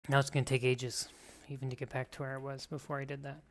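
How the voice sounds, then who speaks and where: Talking fast in a mid-range voice, a streamer rambles and jokes through stories while gaming in casual chat. The audio carries steady background noise.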